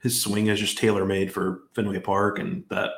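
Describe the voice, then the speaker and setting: A man co-hosting a podcast, chatting casually about the sport in a relaxed, rambling way full of restarts. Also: on the low side, moderate pace, gravelly, roomy sound. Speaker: podcast co-host.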